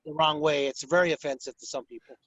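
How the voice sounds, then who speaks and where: A man who announces boxing matches tells stories quickly in a slightly high voice during a casual interview, animatedly playing out the fighters' voices. The lo-fi sound is dull and dry, with no echo.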